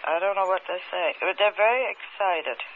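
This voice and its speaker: Woman on a tinny, hissy old tape. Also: fairly low pitch. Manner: halting, repeats words, relives events in present tense. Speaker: hypnosis subject. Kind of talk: recounting a memory under hypnosis. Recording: tinny archival tape with faint hiss.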